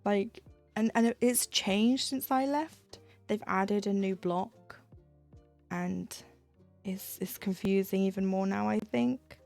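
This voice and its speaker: A woman's voice: medium pitch, takes it slowly, gravelly, darkish tone, faint music behind. A young woman chatting casually as she stitches on a live stream, telling rambling school stories with laughs. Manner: rambling storytelling with laughs and self-quoting. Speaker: livestreamer stitching cross-stitch. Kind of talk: casual chat while crafting.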